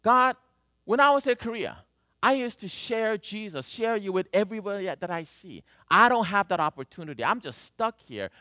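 A woman's voice: medium pitch, expressive, normal speed, a bit bright, no echo, clean studio sound, pitched above the performer's own voice, close to an everyday voice. Man doing a pleading old Korean grandma. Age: 70s. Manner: pleading, broken English. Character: petite elderly Korean grandmother, earnest and prayerful.

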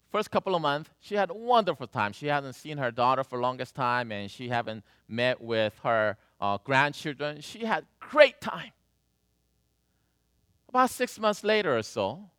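A man preaching a sermon, telling a story with animated swings between loud and soft. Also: mid-range voice, clean tone, dry recording, clean studio sound. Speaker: pastor.

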